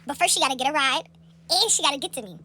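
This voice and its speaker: A young woman with a high, bright voice rattles through a casual storytime at breakneck speed. She is animated and profane, full of slang, and jumps into a squeaky register to act out the people in her story. A phone held close picks her up. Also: very fast.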